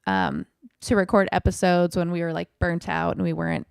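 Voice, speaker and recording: A woman's voice: fairly low pitch, sing-song, moderate pace, creaky, a little mellow, smooth, dry recording, clean studio sound. A woman co-hosting a podcast, chatting casually, laughing often and trailing off into fillers. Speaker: podcast co-host.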